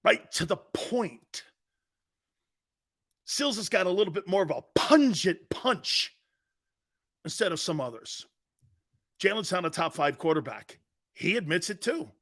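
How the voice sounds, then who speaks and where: A middle-aged man hosts a sports talk radio show in a brash, mocking way, firing back at listeners. His voice sits high and bright, with lively, sweeping pitch. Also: measured pace, pauses often. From United States.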